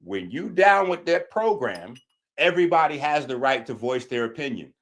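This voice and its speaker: A man's voice: mid-range voice, expressive, normal speed, a bit bright. A man hosting a show, giving a mocking, preachy commentary on a clip he has just played. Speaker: show host.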